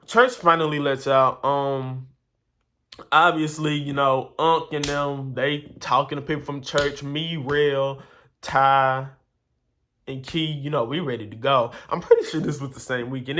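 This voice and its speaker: A man telling a personal story to camera in a casual, rambling way, exasperated and full of asides to his viewers. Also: medium pitch. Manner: rambling, animated, exasperated retelling with many asides.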